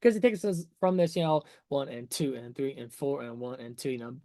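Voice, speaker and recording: A man's voice: medium pitch, animated, a little fast, warm tone, no echo, studio quality. Chatty man breaking down a song. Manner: chatty and enthusiastic, full of "like" and "right?"; explains music terms to viewers. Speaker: music analysis streamer. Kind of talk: casual livestream song breakdown.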